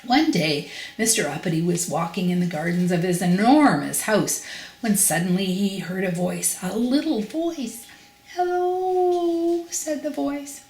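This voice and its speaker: An older woman reading a children's storybook aloud, expressive and emphatic. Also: fairly low pitch, reverberant, low-quality recording.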